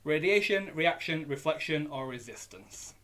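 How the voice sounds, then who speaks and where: A young man with a Yorkshire accent hosts a live online pub quiz from home indoors on a hot day, reading out questions and options and joking in an easygoing way. His voice is fairly high, expressive, and sharp, at normal speed.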